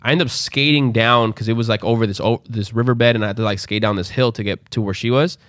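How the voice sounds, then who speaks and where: A man's voice: lowish voice, fairly even intonation, quick pace, a bit bright, no room sound, clean studio sound. A young man casually telling a story, loose and profane, acting out quotes along the way.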